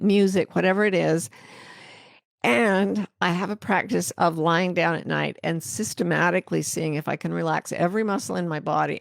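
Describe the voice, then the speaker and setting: A middle-aged American woman hosting a live talk, reading viewer questions and a poem in a gentle, reflective way. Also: on the low side, vocal fry, dry recording, clean studio sound. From United States. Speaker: host answering viewer comments.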